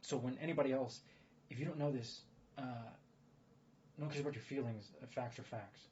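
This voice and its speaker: A man's voice: medium pitch, fairly even intonation, brisk, darkish tone. A man giving rambling casual commentary, full of fillers and restarts. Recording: dull lo-fi audio with faint noise.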